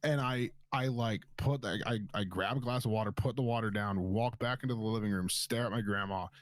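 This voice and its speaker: A man's voice: lowish voice, a little fast, no room sound. Swearing young man telling a story. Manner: swears a lot, animated storyteller with many fillers. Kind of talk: casual storytelling chat.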